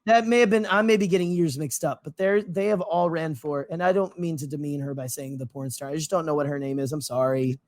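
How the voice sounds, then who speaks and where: A man's voice: a little high, brisk, few pauses, darkish tone. A man co-hosting a podcast in casual chat, rambling off on tangents with lots of fillers. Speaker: podcast co-host.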